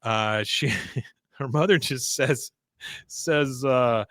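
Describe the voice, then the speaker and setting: In a studio-quality recording with no room sound, a male podcast co-host casually recaps an episode and acts out the characters' lines. He speaks very slowly in a mid-range voice with a fairly bright tone.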